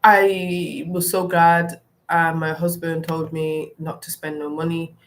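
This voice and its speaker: A woman's voice: low voice, level tone, takes it slowly. A young woman ranting bluntly and with animation, delivering solo wrestling commentary. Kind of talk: opinionated solo rant.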